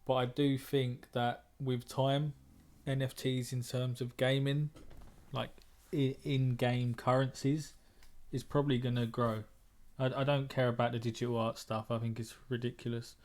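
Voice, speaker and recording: A man's voice: mid-range voice, flat delivery, normal speed, a little mellow. A man, a trader and moderator, talking bluntly in a casual group discussion, often repeating words as he thinks.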